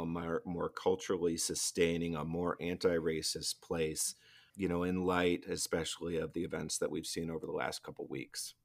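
A man with a very low voice hosts an interview. He asks measured, thoughtful questions and thanks his guest at the close. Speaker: podcast host, interviewer. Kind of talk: interview conversation.

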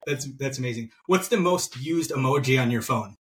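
A man hosting a relaxed podcast chat, his voice sitting a little back from the microphone at a middle pitch. He talks in an easygoing way and keeps up a steady run of quick "yeah"s. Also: distant mic, slight background noise. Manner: easygoing, many filler affirmations. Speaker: podcast host. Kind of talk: casual interview chat.

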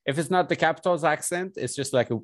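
A man's voice: fairly high pitch, quick pace, no room sound. A young man from Iran chatting casually, rambling and joking, often breaking off mid-sentence. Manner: rambling, self-interrupting, joking. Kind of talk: casual chat.

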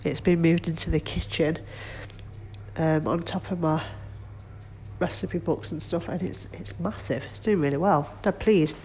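A woman's voice: low-pitched, fairly even intonation, measured pace, darkish tone. A middle-aged woman vlogging casually from her kitchen at home, chatty and rambling, nasal and congested with a cold. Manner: chatty, rambling, self-deprecating. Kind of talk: casual chat.

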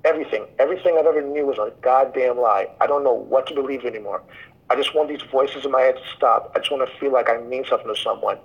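A man doing a vengeful young man, husky voice, bitter and accusing. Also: medium pitch, fast, highs cut off. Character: vengeful young man confronting his mother.

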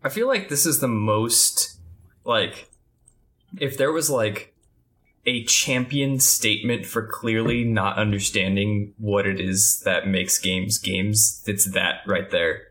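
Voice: mid-range voice, fairly bright tone. A co-host on a casual podcast who jokes around and laughs often. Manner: jokey, slow, laughs often.

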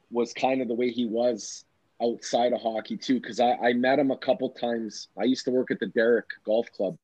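A man hosting a casual chat, telling stories in an animated, profane, excitable way. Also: mid-range voice, dry recording. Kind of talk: casual storytelling. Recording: dull, dry lo-fi audio.

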